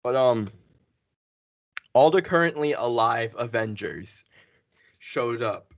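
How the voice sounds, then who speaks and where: A man co-hosting a podcast, chatting casually and excitedly through a spoiler review, full of fillers and restarts. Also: medium pitch, slow, gravelly, dry recording. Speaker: podcast co-host. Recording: dull lo-fi sound.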